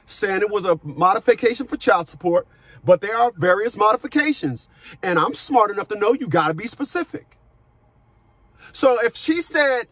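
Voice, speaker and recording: Middle-aged male coach, high pitch, forceful and profane, repeats himself, dry recording. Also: no room sound. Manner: forceful, profane, repeats words when starting sentences. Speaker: child support advocate and coach. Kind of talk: phone consultation with a caller.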